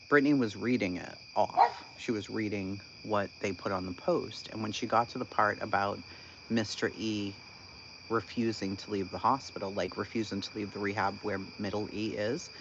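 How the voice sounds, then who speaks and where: A man hosting a channel, talking casually about online drama in an animated, incredulous way and laughing often. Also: on the low side, normal speed. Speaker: channel host. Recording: dull lo-fi sound with constant background noise.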